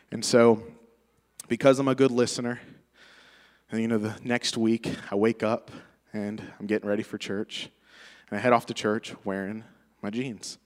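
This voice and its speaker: A man's voice: lowish voice, little pitch movement, normal speed, long pauses. Man telling a story in a reverberant church. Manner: storytelling, conversational, laughing often. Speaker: church member giving a tribute. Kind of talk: testimony speech to a congregation. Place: church sanctuary.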